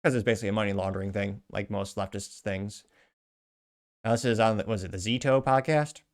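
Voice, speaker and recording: A man's voice: on the low side, a little fast. A man hosting a political commentary show, reading social media posts aloud and reacting with sarcastic, muttered asides.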